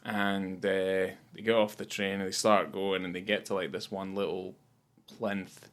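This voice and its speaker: A Scottish man with a fairly low voice talks through a film in a loose, casual way. He swears freely and acts out lines from the scenes as he goes, as a podcast co-host. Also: little pitch movement, measured pace.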